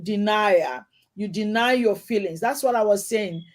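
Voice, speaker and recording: A woman's voice: medium pitch, unhurried. A middle-aged woman hosting a casual talk show, talking emphatically and repeating words as she starts. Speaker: host.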